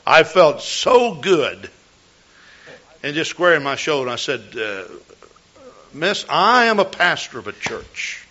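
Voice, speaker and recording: A man's voice: a little high, very animated, takes it slowly, long pauses, sharp tone. An older man preaching a sermon as a pastor, telling a folksy story with repeated words and restarts. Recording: dull lo-fi recording.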